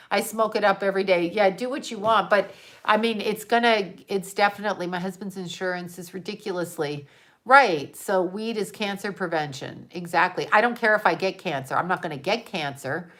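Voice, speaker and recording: A middle-aged Canadian woman with a mid-range voice and fairly bright tone hosts a casual livestream. She chats bluntly and emphatically, swearing freely and laughing often.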